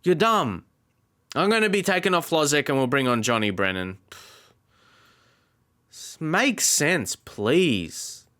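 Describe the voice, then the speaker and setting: A man's voice: on the high side, big pitch swings, slow, long pauses, sharp tone. A man giving let's play commentary as a gaming YouTuber, often exasperated and talking back at the game.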